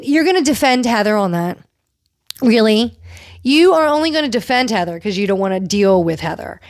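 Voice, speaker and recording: Woman podcast host, casual recap chat; frank, opinionated, scolds people directly; fairly high pitch, dry close sound. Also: animated, fairly quick, no room sound. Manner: blunt, opinionated and swearing freely; addresses the cast members directly, as if scolding them. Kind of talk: casual reality-TV recap commentary.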